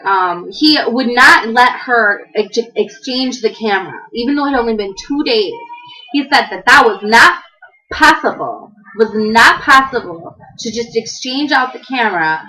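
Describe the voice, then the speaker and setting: A woman's voice: fairly high pitch, expressive, normal speed, sharp tone, low-quality recording. A woman, telling a long exasperated story in a rambling, casual way. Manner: exasperated, rambling, acts out quoted people. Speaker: vlogger.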